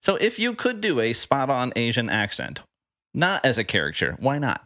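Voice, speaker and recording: A man's voice: medium pitch, wildly swooping pitch, normal speed, sharp tone, no echo, studio quality. A man hosting a podcast, chatting casually and rambling, repeating words and often tagging "right?" on the end. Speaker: podcast host.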